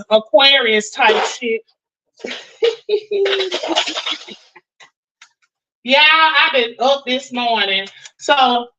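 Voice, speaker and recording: A middle-aged woman hosting a livestream talks casually and profanely while doing chores, calling viewers honey and girl. Her voice is a little high, pushed and bright, on poor audio. She spins drawn-out, emphatic stories.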